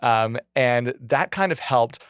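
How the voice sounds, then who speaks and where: A man guest on a podcast, chatting casually and telling lively stories about his old sales jobs. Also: mid-range voice, slow pace, clean tone, no room sound, clean studio sound. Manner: animated storyteller acting out phone calls. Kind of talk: casual chat.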